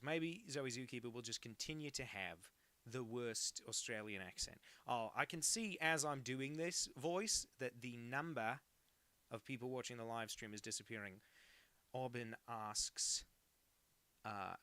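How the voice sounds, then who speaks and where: Gravelly young man chatting on a livestream. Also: medium pitch, very animated, moderate pace, bright, forceful tone, no echo. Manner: jokey, reads chat messages aloud. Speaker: cartoonist streaming live. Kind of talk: casual livestream chat while drawing. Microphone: home setup, no professional mic.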